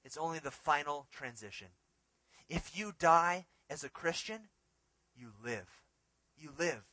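A male preacher delivers a sermon with a bright, forceful tone and a slightly higher pitch. He swings between punchy emphasis and quiet, hushed lines. The sound is close and dry. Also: expressive, a little slow, dry recording.

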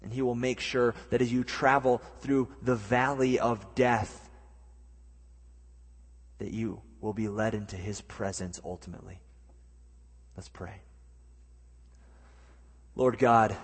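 A man preaching a sermon as pastor, earnest, with slow emphatic pauses. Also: fairly low pitch, steady tone, breathy edge. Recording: long hall reverb.

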